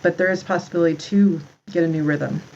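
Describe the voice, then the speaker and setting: Appearing as a podcast guest, this woman in her thirties founded a community for moms and talks about motherhood in a rambling way, full of "like" and restarts. Her voice is fairly low, steady, fairly quick, and darkish in tone, in a muffled recording with slight background noise.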